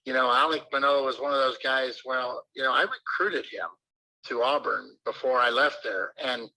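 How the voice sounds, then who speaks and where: An older man, a baseball manager, telling rambling anecdotes full of fillers in a relaxed interview. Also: medium pitch, low-quality recording.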